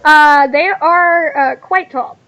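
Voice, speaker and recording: A woman narrating a tabletop game as game master, talking in a halting way full of fillers. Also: sits high, pushed and bright, rough recording.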